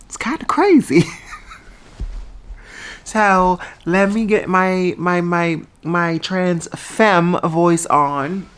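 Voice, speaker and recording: A transgender woman vlogging casually at home into a small microphone, chatty and animated, with a habit of talking loudly. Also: fairly low pitch, extremely slow, pauses often. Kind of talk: casual vlog chat. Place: indoors at home. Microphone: small microphone on a handheld tripod.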